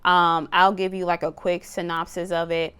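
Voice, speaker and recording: A woman's voice: on the low side, little pitch movement, moderate pace, bright, forceful tone, clean tone. A woman giving a casual tarot reading, talking bluntly, swearing freely and laughing as she drifts off on tangents. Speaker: tarot card reader.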